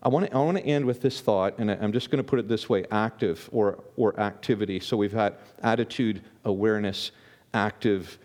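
A man's voice: lowish voice, fairly quick, darkish tone. A man preaching a conversational sermon as a pastor, often repeating words and restarting his sentences.

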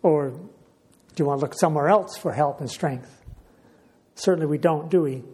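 Male preacher, sermon, slightly higher voice, measured delivery, repeats phrases, frequent throat clearing. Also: warm tone.

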